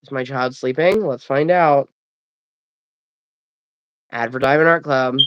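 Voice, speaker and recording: Sleepy, chatty low-voiced woman streaming. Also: unhurried, noisy background. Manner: rambling, chatty, yawning, self-deprecating. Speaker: livestream host. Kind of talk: casual live stream chat. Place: at home. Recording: dull, dry home mic.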